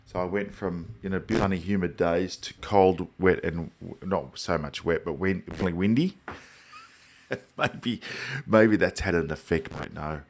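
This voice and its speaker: Chatting through viewer-submitted photos on his live stream, this Australian host sounds a bit stuffed up. He speaks low and somewhat slowly, drifting along easily with plenty of filler words.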